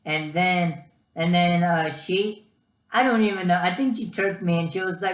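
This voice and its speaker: A man's voice: high voice, normal speed, echoey room. A young man giving casual vlog advice, chatty and full of ums and uhs. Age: young adult. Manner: chatty, lots of ums and uhs, animated storytelling. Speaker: student vlogger.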